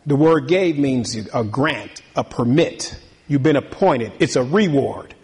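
Chatty preacher man with a lively sermon. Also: mid-range voice, measured pace. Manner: conversational preaching, laughs often, builds to emphatic bursts. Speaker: pastor.

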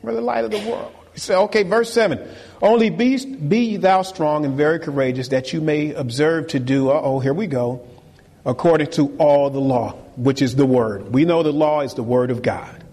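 A man's voice: fairly high pitch, normal speed, a little mellow, breathy edge, long reverb tail. A man preaching a sermon as pastor, emphatic and repeating key phrases for force.

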